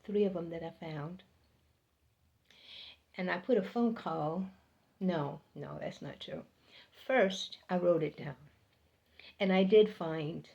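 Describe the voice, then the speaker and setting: A middle-aged woman telling a personal story in a casual, unhurried way, getting animated when she quotes people and laughing between lines. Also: medium pitch. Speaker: storyteller sharing personal experiences.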